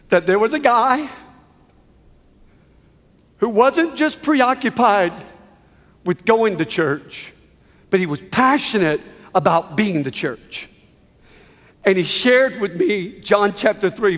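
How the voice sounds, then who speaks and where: A middle-aged man preaching a sermon to a church audience, impassioned, with dramatic pauses and repeated phrases. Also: sits high, a bit bright. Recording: reverberant hall.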